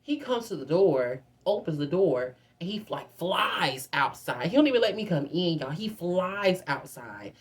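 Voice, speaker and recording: A young woman in her twenties tells a story in a lively, gossipy storytime style, talking straight to her viewers. Her voice sits a little low. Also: unhurried, few pauses. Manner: chatty and animated, constantly addresses the viewer as "girl". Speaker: vlogger. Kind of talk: casual storytime.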